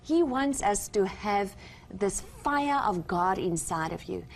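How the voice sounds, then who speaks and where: A woman's voice: mid-range voice, lively intonation, slow pace, creaky. Earnest South African woman giving testimony. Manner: earnest, emphatic, retells conversations with God. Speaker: guest. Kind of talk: testimony on a Christian talk show.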